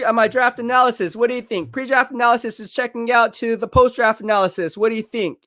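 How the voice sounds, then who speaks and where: A man hosting a live stream, giving casual commentary, boastful and laughing often, with quick bursts of excitement. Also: extremely high pitch, no room sound, studio quality.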